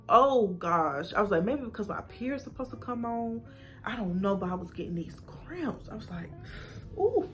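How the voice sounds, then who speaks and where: A woman's voice: mid-range voice, fairly bright tone. A young woman telling a personal story to camera, acting out her past reactions with whispers and gasps. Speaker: vlogger.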